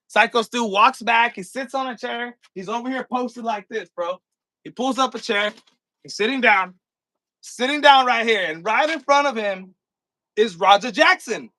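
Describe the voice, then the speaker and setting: A man with a high, bright, edgy voice rants to his viewers in loose street slang, cursing freely. The sound is close and dry, with no room around him. He acts out the scene as he talks. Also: dry recording. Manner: acts out scenes with props while talking. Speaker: vlogger. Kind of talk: casual commentary rant.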